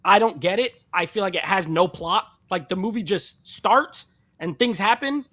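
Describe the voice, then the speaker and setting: Brief: male podcast co-host, higher pitch, bright tone, calm and opinionated. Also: normal speed. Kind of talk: casual live film review chat.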